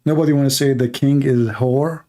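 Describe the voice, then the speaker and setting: A man's voice: mid-range voice, fairly even intonation, a little fast, dark tone. A man from the Middle East with a Middle Eastern accent, mocking in blunt broken English on a livestream. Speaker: host. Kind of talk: livestream commentary.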